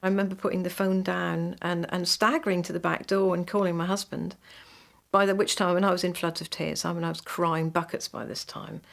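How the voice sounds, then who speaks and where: A woman's voice: lowish voice, flat delivery, brisk, creaky. A woman recounting her own story in an interview, vividly quoting what was said. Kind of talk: interview recollection.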